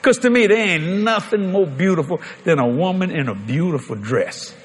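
Folksy older preacher, lively. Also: male voice, high-pitched, moderate pace, slight background noise. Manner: folksy, animated, joking with the crowd. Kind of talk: sermon storytelling.

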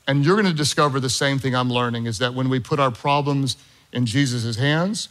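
A man's voice: medium pitch, brisk, a bit bright. A middle-aged man preaching a sermon, telling a story with jokey asides to his congregation. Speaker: pastor.

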